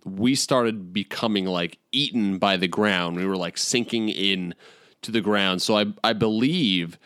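Low-voiced man animatedly recapping his game. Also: a little slow, smooth, no room sound, studio quality. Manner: animated, laughing storyteller with many fillers. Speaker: player. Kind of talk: casual recap of a tabletop game.

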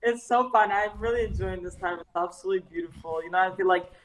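A woman's voice: fairly low pitch, fast talker. Earnest woman talking reflectively. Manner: earnest, reflective, many "like"s and "you know"s. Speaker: interview guest. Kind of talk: casual interview chat.

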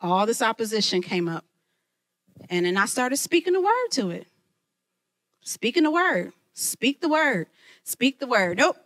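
High, bright-voiced woman preaching. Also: moderate pace, pauses often. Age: adult, mother of children. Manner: lively, talks straight to listeners. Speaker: women's ministry leader. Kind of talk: sermon.

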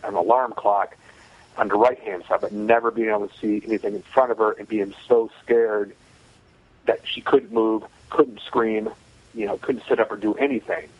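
A man's voice: lowish voice, slightly rough, muffled recording. A man telling a personal story in a casual, matter-of-fact way, with many "you know" fillers.

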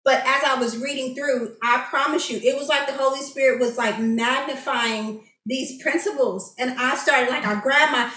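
A woman leads a Bible study, reading verses and then explaining them with eager, rambling enthusiasm. Her voice is high and crisp. The sound is distant, with a roomy echo. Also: steady tone, normal speed, hardly any pauses, bright, forceful tone, a little hiss or hum. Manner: enthusiastic, chatty, many fillers. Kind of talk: excited teaching and scripture reading. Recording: echoey room, distant mic.

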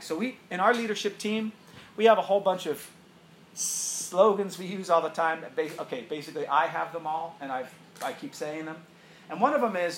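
Animated middle-aged man preaching in an echoey hall. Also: fairly high pitch. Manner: animated, joking, laughs often. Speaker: pastor. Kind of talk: sermon. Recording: roomy echo, faint room noise.

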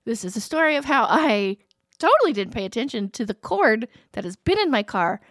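A woman in her forties co-hosting a podcast, telling a family story in a casual, animated way with frequent laughter. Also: a little high, a little fast, no room sound, clean studio sound. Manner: animated, laughing, acts out quotes. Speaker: podcast co-host.

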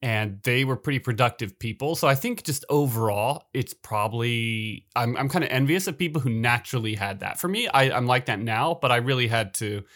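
A man co-hosting a casual podcast, talking in a relaxed, rambling and self-deprecating way. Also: mid-range voice, fairly quick, few pauses. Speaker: podcast co-host. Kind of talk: casual bilingual podcast chat.

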